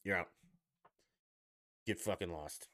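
A man's voice: low-pitched, takes it slowly, a bit bright. A man hosting a podcast, ranting in a blunt, profane and sarcastic way. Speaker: podcast host. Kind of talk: angry political rant.

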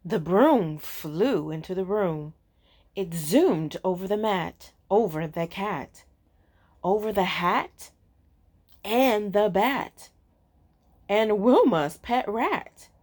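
A woman reading a children's storybook aloud in an expressive, sing-song way. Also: mid-range voice, takes it slowly. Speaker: storybook reader.

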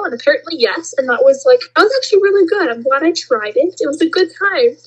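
A young woman chatting in an excitable, rambling way, saying "like" a lot. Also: high-pitched, fast, few pauses, dull audio. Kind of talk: casual chat.

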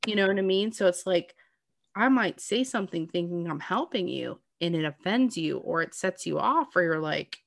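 A chatty woman with a lowish voice talks at length in casual, heartfelt conversation. She is earnest and reassuring, with many "like"s and "you know what I mean"s. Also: expressive, moderate pace, gravelly, dry recording, studio quality. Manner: talkative, earnest, reassuring, full of "like".

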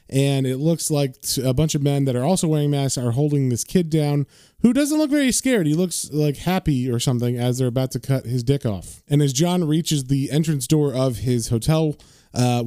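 A man's voice: mid-range voice, warm tone, clear, resonant tone, no room sound, clean studio sound. A man casually recapping and reading a comic book issue as a podcast host. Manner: casual, with fillers and laughs.

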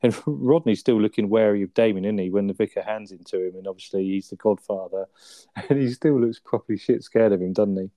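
A man's voice: fairly low pitch, brisk, warm tone, dry recording. A man chatting casually on a podcast, laughing as he retells sitcom scenes and tagging on questions. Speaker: podcast co-host. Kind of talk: casual chat reviewing a sitcom episode.

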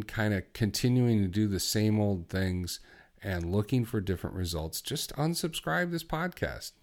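A man hosting a solo podcast, talking bluntly and exhorting his listeners, moving from quiet reflection to fervent conviction. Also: on the low side. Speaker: podcast host. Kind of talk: impassioned solo podcast talk.

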